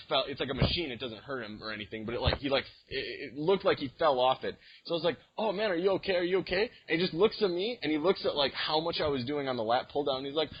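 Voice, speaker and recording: In a dull lo-fi recording, a husky young man at a medium pitch tells meandering stories as a podcast co-host. The chat is casual, and he keeps stumbling into fillers and restarts.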